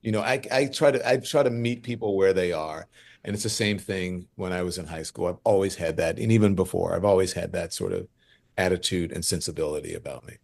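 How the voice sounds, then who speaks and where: Male guest, 50s, from Louisiana, very low pitch, lively storyteller. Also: brisk, vocal fry. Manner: animated, lively storyteller who acts out quoted voices. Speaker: guest journalist. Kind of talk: conversational interview storytelling.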